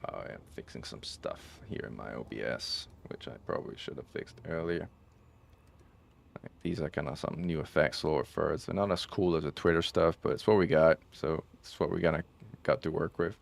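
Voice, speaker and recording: Deep-voiced man rambling on a stream. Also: normal speed, vocal fry. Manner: rambling, self-correcting, with frequent "um" and "like". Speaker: game streamer. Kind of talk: casual live-stream chat.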